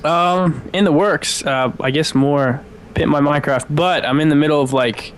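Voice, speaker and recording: A man's voice: on the high side, normal speed, slight background noise. A young man guesting on a gaming podcast, cheerful and easygoing. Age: young adult. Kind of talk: casual gaming podcast chat.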